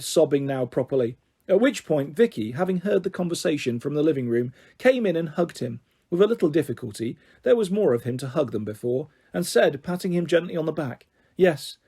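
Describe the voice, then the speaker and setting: Husky, expressive male storyteller. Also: on the high side. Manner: expressive, lively read-aloud. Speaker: audiobook reader. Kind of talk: storybook narration.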